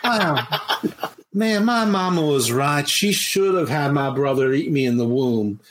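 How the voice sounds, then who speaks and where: Boozy, hapless Southern wrestler with a slow slurred drawl, put on by a man, over faint hiss. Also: fairly high pitch, lively intonation. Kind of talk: comedy impression in a podcast.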